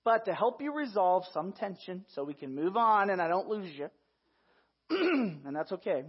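A man preaching a sermon in a lively, conversational way, talking straight to his listeners as "guys". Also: high voice, normal speed, husky. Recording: dull lo-fi recording.

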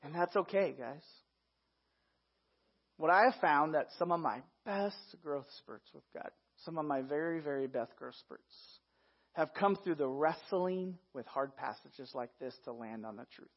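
A man preaching a sermon in a lively, conversational way, talking straight to his listeners as "guys". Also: a little high, measured pace. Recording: dull lo-fi recording.

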